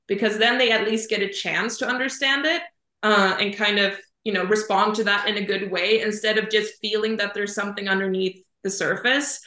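A woman coach speaks with a bright, forceful tone, explaining her ideas through simple images in a relaxed, chatty way. Her voice rings in a roomy, echoey space. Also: mid-range voice, a little fast. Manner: thoughtful, explains with images, says "kind of" and "like" often. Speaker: Human Design reader and coach, guest. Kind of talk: casual explanatory chat.

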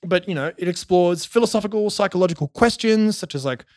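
Animated Australian man, lively pitch. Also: fast talker, no echo, studio quality. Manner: animated storytelling with swearing. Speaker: podcast co-host. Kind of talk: casual chat recapping a show.

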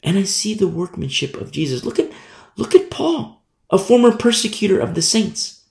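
A man preaches a Bible study with fervent, repeated emphasis. His fairly high voice has a gravelly edge. The sound rings in a roomy echo. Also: very animated, moderate pace, darkish tone. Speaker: Bible teacher. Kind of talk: sermon.

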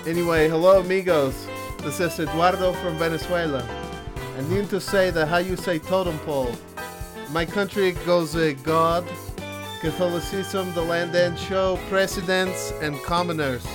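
A man's voice: high-pitched, fairly even intonation, normal speed, over music, voice pushed up, lightly acted. A man voicing a male listener from Venezuela with an exaggerated, hammy Spanish accent.

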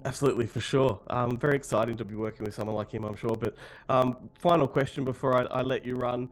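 A man's voice: mid-range voice, fairly even intonation, quick pace, soft background music. A man interviewing a film director, asking questions with fan-like enthusiasm. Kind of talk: press interview.

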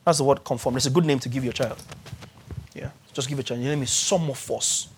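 A man preaching a sermon, repeating key words for emphasis and spelling out terms slowly. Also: medium pitch, steady tone, slight background noise.

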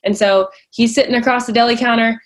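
A woman's voice: on the high side, fairly even intonation, fast. A young woman, a pageant coach and podcast host, tells a personal faith story to her listeners in a chatty way, full of fillers and acted-out quotes. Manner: chatty, many likes and fillers, acts out quoted lines.

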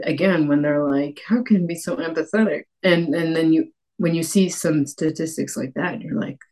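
A woman author from Cape Breton, talking in an interview in an animated way with many restarts and acted-out quotes. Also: low voice. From Cape Breton, Canada. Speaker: author guest. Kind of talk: conversational interview.

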